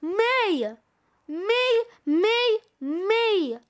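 A woman voicing a crowd of jolly, booming male Santa clones who shout and squabble. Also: expressive, takes it slowly, heavily acted. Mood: shouting, squabbling.

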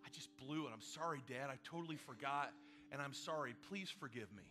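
A male pastor voicing a guilty, remorseful young man, soft and hesitant. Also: medium pitch, brisk, music in the background, natural voice.

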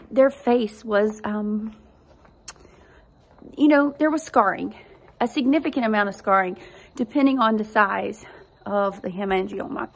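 A woman and mother, a podcast host, telling her own story in an earnest, conversational way as a faith testimony. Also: fairly high pitch.

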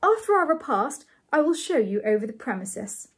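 A woman voicing a bashful, proud young gentleman host in a storybook reading, with a raised, eager, slightly pompous delivery. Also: very high-pitched, sing-song, moderate pace, pitched above the performer's own voice.

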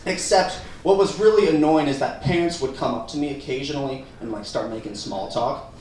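A man's voice: mid-range voice, a little fast, a little hiss or hum. A young man performing a stand-up comedy set on a theater stage, telling a story and acting out the people in it. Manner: animated storytelling, acts out the people in his story. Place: theater stage with live audience. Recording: echoey room from a distance.

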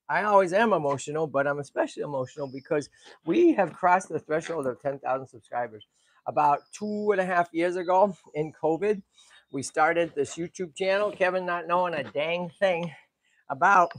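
A middle-aged man from the Boston area, hosting a tortoise sanctuary vlog in an excitable, chatty way and talking to animals and viewers as he walks. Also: fairly high pitch, no room sound. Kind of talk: casual walk-and-talk vlog.

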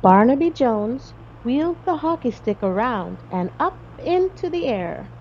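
Slow, expressive woman reading a storybook. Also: fairly high pitch, lo-fi sound, a little hiss or hum. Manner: slow, expressive read-aloud. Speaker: audiobook narrator.

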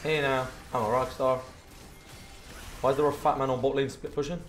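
A young British man, a streamer, giving crude, joking live commentary on his game with sudden shouted outbursts. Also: medium pitch, little pitch movement, normal speed, faint music behind. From Britain. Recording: roomy echo.

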